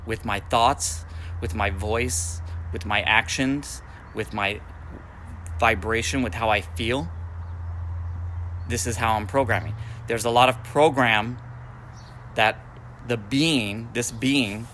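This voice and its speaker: A man's voice: medium pitch, slow, pauses often, a bit bright, slight background noise. A man in his forties, a spiritual teacher, speaking in a repetitive, affirmation-like way. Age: 40s.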